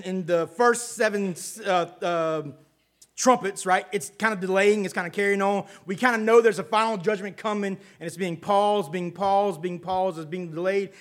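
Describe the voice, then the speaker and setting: A man's voice: high-pitched, a bit bright. A man preaching a casual, conversational sermon, folksy and chatty with asides and frequent check-ins with his listeners.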